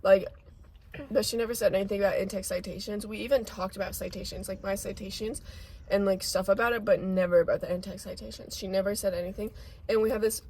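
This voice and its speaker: A teenage girl explains things at length in a hesitant way, filling her talk with ums and likes. Her voice is middle-pitched, over a faint background noise. It sounds like a loose chat between friends. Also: fairly even intonation, fast, darkish tone. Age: teens. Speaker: podcast co-host. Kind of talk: casual chat.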